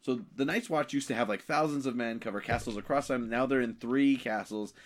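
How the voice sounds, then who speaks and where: A man's voice: mid-range voice, a little fast. A man co-hosting a podcast, chatting casually and animatedly about a TV show, acting out lines and swearing freely. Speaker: podcast co-host. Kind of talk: casual chat recapping a TV show.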